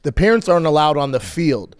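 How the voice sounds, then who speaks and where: Man telling a story at a slightly high pitch. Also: quick pace, smooth. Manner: animated storyteller who acts out dialogue. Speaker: podcast co-host. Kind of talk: casual chat.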